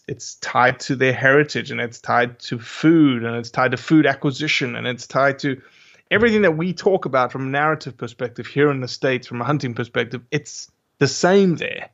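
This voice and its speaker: A man's voice: mid-range voice, a bit bright, lo-fi sound. A man with a South African accent, talking as a guest in a casual conversation and often stopping to search for his words. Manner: slow, searching for words, many restarts. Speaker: guest hunter.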